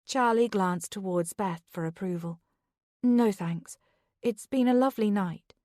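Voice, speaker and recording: Dry, measured woman narrator. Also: medium pitch, darkish tone, dry recording. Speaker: audiobook narrator. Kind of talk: scripted narration.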